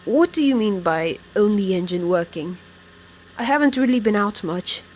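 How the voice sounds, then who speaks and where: A woman voicing a gentle, devoted female train engine in a fan audio drama, speaking earnestly and with feeling. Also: mid-range voice, animated, normal speed, lightly acted. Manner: earnest and heartfelt, emotional. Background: music.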